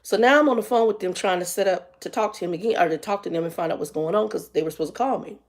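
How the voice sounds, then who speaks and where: A woman's voice: fairly low pitch, rapid-fire. Exasperated woman in her fifties telling a story. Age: 50s. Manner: animated and exasperated, acts out dialogue. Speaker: vlogger. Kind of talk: casual storytime vlog.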